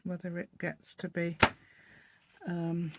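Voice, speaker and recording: A craft channel host from England's East Midlands rambles and chats through a step-by-step paper craft tutorial, thinking aloud. Her voice is lowish and slow with a completely flat delivery, and heavy background noise is present.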